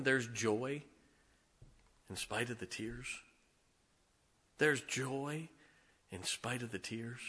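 A middle-aged man preaching a sermon as pastor, swinging between loud, emphatic lines and quiet, hushed ones. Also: mid-range voice, slow pace, pauses often, husky.

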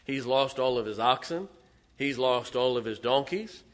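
A man's voice: medium pitch, moderate pace. A man preaching a sermon, retelling a Bible story dramatically and acting out the voices in it.

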